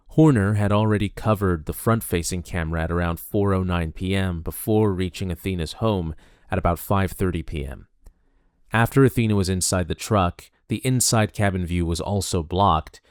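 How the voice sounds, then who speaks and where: A man narrating a true-crime documentary from a script. His voice sits very low and sounds dry and close, with a measured, somber delivery. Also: dry recording.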